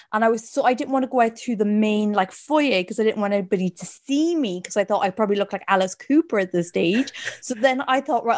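A woman's voice: mid-range voice, a little mellow. An Irish woman co-hosting a podcast in casual chat, telling stories with a chatty, self-mocking manner. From Ireland. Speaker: podcast co-host.

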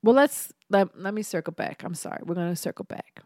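A young woman hosts a podcast, animated and slangy, teasing her guest. Her voice sits in a middle range and is recorded dry and close, with no room sound. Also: mid-range voice, brisk, no echo. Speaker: podcast host. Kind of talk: casual chat.

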